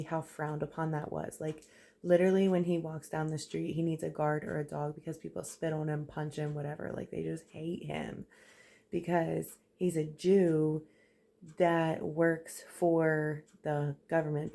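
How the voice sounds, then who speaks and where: A young woman in a casual vlog, talking hushed and soft while gushing excitedly with lots of fillers. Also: low voice, vocal fry. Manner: hushed, soft talking so a sleeping baby stays asleep. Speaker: vlogger. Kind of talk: casual faith vlog retelling a show.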